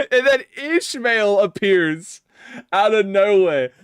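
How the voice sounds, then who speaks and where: A man hosting a casual gaming reaction, excitable and slangy, swearing and laughing often. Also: sits high, smooth, dry recording, studio quality. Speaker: gaming channel host.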